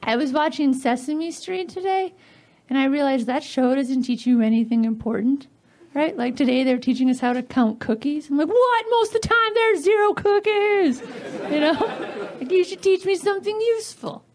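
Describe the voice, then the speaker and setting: A woman comedian doing a stand-up set of dark one-liners, giggling at her own jokes on a club stage mic. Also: high voice, normal speed, some chatter behind. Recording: live club set with audience laughter and noise.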